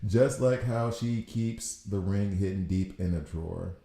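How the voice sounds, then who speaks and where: A man in his thirties giving casual gameplay commentary, riffing in an animated, exasperated way. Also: deep voice, a little slow, vocal fry. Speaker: gaming video host. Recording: roomy echo.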